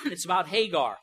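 An older woman preaching a sermon, emphatic, slowing right down on key phrases and swinging between soft asides and loud stresses. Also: on the low side, breathy edge.

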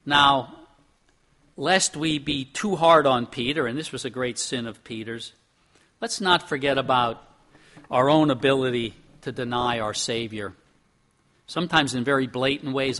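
A man's voice: medium pitch, unhurried, pushed and bright. A man from Pennsylvania preaching a sermon as a pastor, talking in a conversational way with rhetorical questions, acting out quotes and often repeating words as he restarts.

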